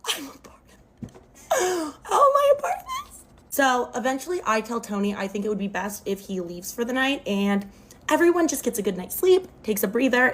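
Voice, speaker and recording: A young woman with a somewhat high voice tells a casual storytime into her phone. Her delivery is animated and expressive, and she sprinkles "like" through her sentences. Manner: expressive, animated retelling with lots of "like".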